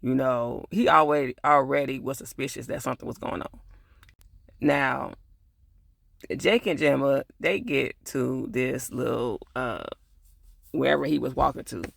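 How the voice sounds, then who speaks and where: A man's voice: mid-range voice, steady tone, unhurried, creaky, a bit bright, no echo. A man casually retelling a TV episode, with loose, chatty asides. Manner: loose, conversational retelling with lots of filler asides. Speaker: TV episode reviewer.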